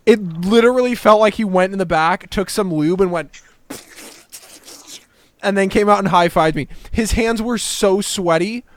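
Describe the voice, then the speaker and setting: High-voiced man telling animated stories. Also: no room sound. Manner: animated storytelling, swearing, calls people dude. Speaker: podcast co-host. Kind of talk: casual chat.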